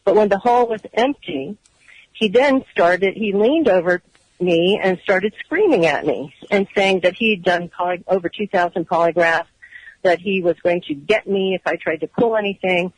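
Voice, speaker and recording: A former agency employee, appearing as a guest on a radio interview, tells her story in earnest detail and acts out what others said to her. Her voice is on the low side at normal speed, in a dry recording with poor audio.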